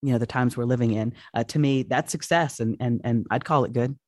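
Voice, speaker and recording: A woman hosting an interview, asking measured questions. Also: a bass voice, a little mellow, dry recording, studio quality. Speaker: host.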